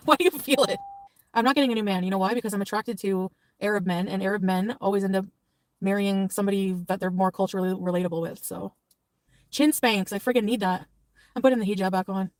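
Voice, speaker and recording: Fast-talking woman, distant mic, traffic. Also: medium pitch, a little mellow, dry recording. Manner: rambling, confiding, laughs often. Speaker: livestreamer. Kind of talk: casual chat.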